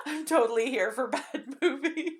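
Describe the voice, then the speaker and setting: A woman's voice: sits high, wildly swooping pitch, unhurried. A woman co-hosting a podcast in casual chat, talking and laughing often. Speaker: podcast co-host.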